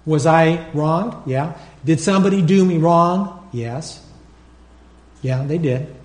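Animated pastor preaching in an echoey church. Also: male voice, on the high side, takes it slowly. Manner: animated, acts out prayers and calls for congregation responses. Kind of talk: sermon.

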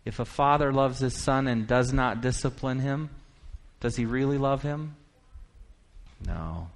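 A man preaching a sermon, moving from quiet, reflective musing to rising, emphatic declaration, and reading scripture aloud in quick bursts. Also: mid-range voice.

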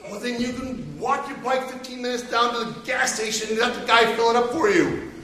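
A sleepy, exasperated dad grumbles his replies, voiced by a man. His tone is bright, and he sounds far from the mic in a roomy, reverberant space. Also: very high voice, brisk, slight background noise. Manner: weary, grumbling. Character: tired, exasperated father. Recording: echoey hall from far off.

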